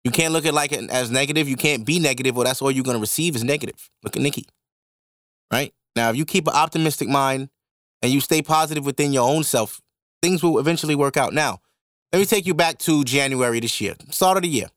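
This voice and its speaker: A young man hosting a podcast, telling a personal story in a casual, animated and profane way. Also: mid-range voice, fast talker, no room sound, studio quality. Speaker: podcast host.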